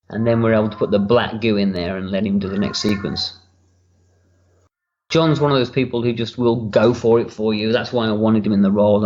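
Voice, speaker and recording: A man with a lowish voice gives a candid, rambling director's commentary and curses casually along the way. He talks from a room at home. The recording sounds dull and lo-fi. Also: a little mellow. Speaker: writer-director giving commentary. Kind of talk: relaxed audio commentary.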